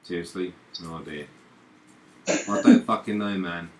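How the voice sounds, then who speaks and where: A man's voice: low voice, a little slow, poor audio. A man hosting a live stream, chatting casually with playful banter and swearing. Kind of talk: casual chat.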